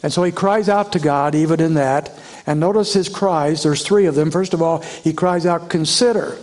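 Male preacher, slightly high pitch, expressive sermon delivery that voices scripture with feeling. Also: normal speed. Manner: expressive preaching, voicing the psalmist's pleas in a rising voice. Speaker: pastor.

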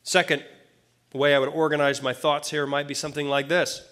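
A man with a somewhat high voice preaching a sermon. He talks to his listeners in a plain-spoken, conversational way and drops casual asides as he explains the scripture. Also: little pitch movement, fairly quick, a bit bright. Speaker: pastor.

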